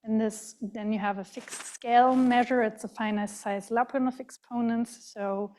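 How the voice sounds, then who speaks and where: A woman with a German accent giving an academic lecture in a large lecture hall, speaking in a careful, halting way with many fillers and self-corrections. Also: fairly high pitch, steady tone, a little mellow, a little hiss or hum.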